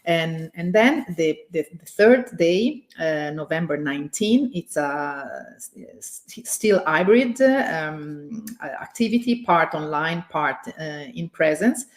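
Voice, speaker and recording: Woman, english, halting welcome speech, lots of fillers, video call. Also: sits low, lively intonation. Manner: halting, many fillers and restarts. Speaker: president of the organization, opening host. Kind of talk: hesitant welcome speech with thanks.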